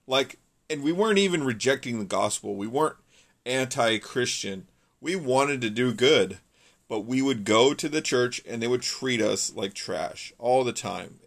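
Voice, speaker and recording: A young man from California speaks in an earnest, rambling way, often restarting his sentences. His pitch sits in the ordinary middle range. It sounds like a personal testimony told to the listener. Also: a bit bright.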